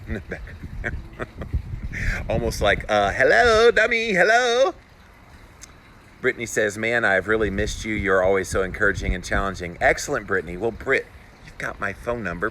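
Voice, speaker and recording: A male health-show host talks alone to his live audience in an earnest, encouraging, slightly preachy way. His voice sits low, but it comes across bright and forceful. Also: a little hiss or hum. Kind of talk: solo live-stream talk, reading viewer comments.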